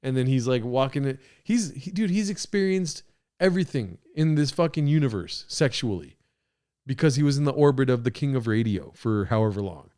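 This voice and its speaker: A man hosting a podcast, reacting to a clip with crude, excitable, rambling commentary. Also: medium pitch, fairly quick. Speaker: podcast host.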